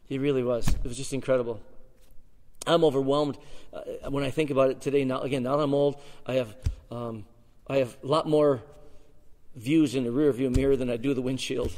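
A man's voice: medium pitch, fairly quick, big-room sound. Sixty-something pastor telling his story. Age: 60s. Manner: animated storytelling with dramatic swings in loudness. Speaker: guest pastor. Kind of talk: sermon with personal testimony. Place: church sanctuary.

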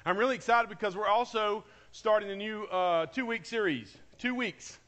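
A man's voice: high-pitched, moderate pace, a bit bright. A man, a pastor preaching a sermon in an enthusiastic, emotional way, often repeating his phrases. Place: church sanctuary.

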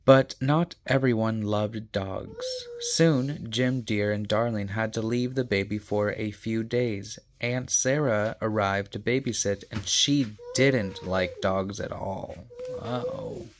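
A man reading a children's storybook aloud, unhurried, with mumbled asides between passages. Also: on the low side, a little hiss or hum. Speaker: storybook reader.

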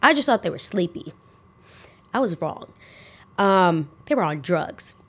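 A young woman hosting a podcast, telling a casual story full of "like" and restarts, sometimes rushing and sometimes drawing out her words. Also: on the low side. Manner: animated, filler-heavy with lots of "like". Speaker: podcast host.

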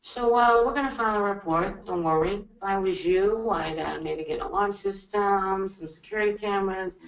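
A woman's voice: medium pitch, moderate pace, highs cut off, lightly acted. An actress playing a flippant, offhand female police officer in a comedy sketch. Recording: roomy, distant video playback with faint noise.

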